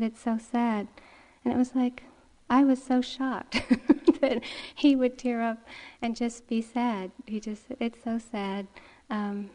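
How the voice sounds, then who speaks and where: A middle-aged woman meditation teacher giving a dharma talk, telling a story gently and slowly with soft laughs. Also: fairly high pitch.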